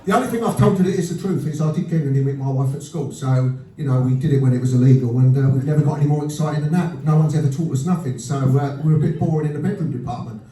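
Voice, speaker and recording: A man in his fifties performs stand-up at a live venue, telling blunt, deadpan stories with crude punchlines at a rapid-fire pace, hardly pausing. His medium-pitched voice is picked up from a distance with a roomy sound, and audience laughter rings out behind him.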